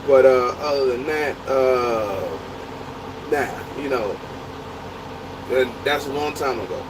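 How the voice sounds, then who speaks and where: A truck driver telling a story in casual, profane, laughing talk. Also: male voice, medium pitch, slow pace, background noise. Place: inside a truck.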